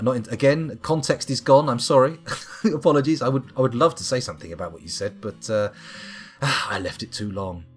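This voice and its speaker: A man live-streaming a game, chatting casually and reading viewers' comments aloud as he plays. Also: medium pitch. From United Kingdom. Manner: chatty, reads chat aloud and muses to himself. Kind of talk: live-streamed gameplay chat.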